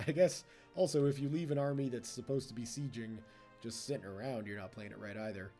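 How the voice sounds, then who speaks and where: A man's voice: medium pitch, a little fast, warm tone, soft background music. A man giving casual gameplay commentary as a let's play host, chatty and teasing the computer opponents.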